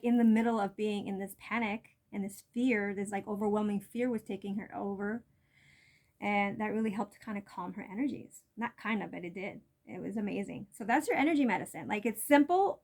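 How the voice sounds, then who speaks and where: A woman in an easygoing vlog, teaching simple energy techniques. She talks casually and wanders a little, stacking up fillers as she goes. Her voice sits at an ordinary middle pitch. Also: darkish tone. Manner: chatty, rambling, lots of "like" and "um". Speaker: energy medicine channel host.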